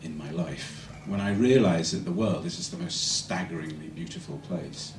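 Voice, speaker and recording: A musician recalling a quiet moment in a soft, reflective way before introducing a song. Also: male voice, sits low, sing-song, normal speed, slight background noise. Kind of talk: reflective stage storytelling. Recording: roomy, distant stage mic with music.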